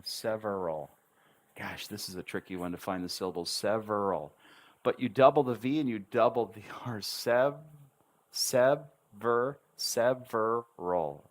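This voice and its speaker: Guy tutoring english on a stream, low voice, reeeally slow, says each syllable again and again. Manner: drills words syllable by syllable, repeating slowly; encouraging coach-like asides. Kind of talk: livestream pronunciation lesson.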